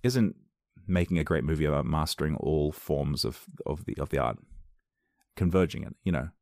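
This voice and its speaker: A man's voice: extremely low pitch, expressive, normal speed, creaky, darkish tone, no echo, studio quality. A man reviewing films on his own podcast, talking casually, enthusiastically and in a rambling way.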